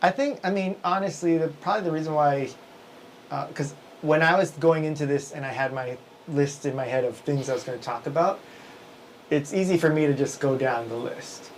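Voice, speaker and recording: A man's voice: a little high, a little fast, slight background noise, low-quality recording. A man hosting a live show, talking in casual livestream chat, rambling with many restarts and frequent chuckles.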